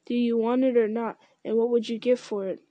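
A woman's voice: a little high, level tone, brisk, dry recording, highs cut off, natural voice. A woman voicing a bold, alert young male hobbit who bargains in a cool, matter-of-fact way in an audiobook reading. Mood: cool, bargaining.

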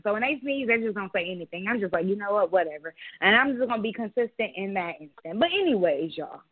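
Outspoken woman podcast co-host, casual and profane, a bit high, on a dry phone-like line. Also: no echo. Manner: candid storytelling, swears freely. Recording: dry tinny phone-like audio.

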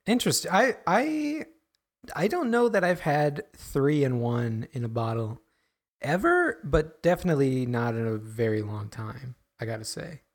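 A man's voice: medium pitch, big pitch swings, unhurried. A man co-hosting a podcast in casual chat, hesitant and amused, with many fillers.

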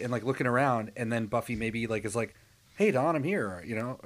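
A man's voice: medium pitch, brisk. A man in a casual podcast chat, blunt and swearing casually.

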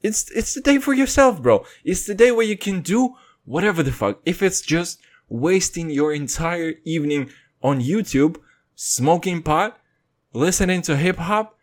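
A young man hosting his podcast in a rambling, profane monologue, swinging between loud and quiet. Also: a little high, animated, a little slow. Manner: rambling, swearing, jumps between loud and quiet, mock voices and singing. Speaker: podcast host.

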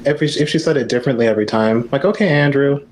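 A young man co-hosting a podcast in casual chat, easygoing and quick to laugh. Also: medium pitch, a little hiss or hum. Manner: easygoing, laughs often, lively reactions. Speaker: podcast co-host.

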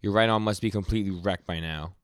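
In this casual manga recap chat, a young man co-hosting a podcast talks in a low, clean-toned voice. The recording is dry with clean studio sound, and he retells comic scenes in fast quoted lines full of stammers and stumbles.

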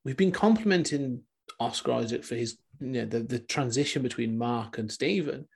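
A podcast host chats casually in a mid-range voice with vocal fry and a slightly rough edge, speaking at normal speed. He rambles, interrupts himself to restart sentences, and chuckles now and then.

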